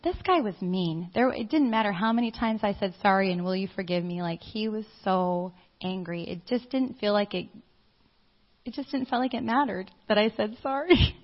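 A middle-aged woman preaching, telling a personal story in an animated way and acting out the people she quotes. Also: mid-range voice. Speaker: church speaker. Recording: dull lo-fi audio.

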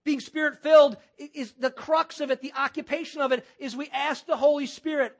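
A man's voice: extremely high pitch, steady tone, fairly quick, hardly any pauses. A man preaching a sermon as pastor, using repetition and rhetorical questions.

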